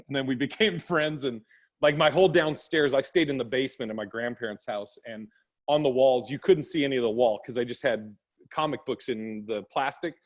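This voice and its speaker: A man's voice: medium pitch, fairly quick. A middle-aged man chatting on a podcast, rambling through childhood stories and laughing often. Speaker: podcast host. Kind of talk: casual podcast chat.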